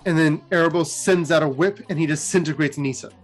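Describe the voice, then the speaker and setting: Male host, high voice, animated casual lore retelling. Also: brisk, faint music behind. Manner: animated storytelling.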